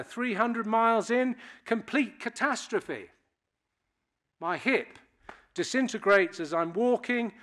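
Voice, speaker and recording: A man's voice: high-pitched, a bit bright. A man in his sixties from Britain, giving a public speech to an audience and telling wry, anecdotal stories. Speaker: keynote speaker.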